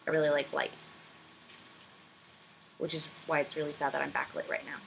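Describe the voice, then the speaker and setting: A woman's voice: low-pitched, flat delivery, moderate pace, gravelly, a bit bright, a little hiss or hum, rough recording. A young woman vlogger answering viewer questions in casual chat, rambling and self-deprecating, with many ums. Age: young adult. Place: room at home, backlit.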